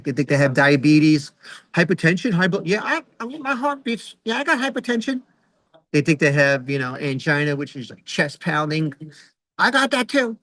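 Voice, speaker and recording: A man's voice: a little high, a bit bright, no echo, rough recording. A middle-aged man doing a rambling stand-up comedy set over a video call, full of fillers and acted-out quotes. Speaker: stand-up comic.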